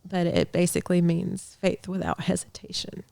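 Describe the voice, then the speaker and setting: A young adult woman sharing a heartfelt faith testimony as a guest in a conversation, earnest, with soft laughs and restarts. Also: lowish voice, flat delivery, normal speed, creaky, no room sound. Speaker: podcast guest, ministry director.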